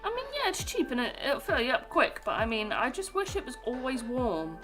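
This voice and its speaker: Young woman from England, casual sweary storyteller, higher pitch, light music underneath. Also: huge pitch swings, brisk, a bit bright. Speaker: streamer. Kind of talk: casual chat.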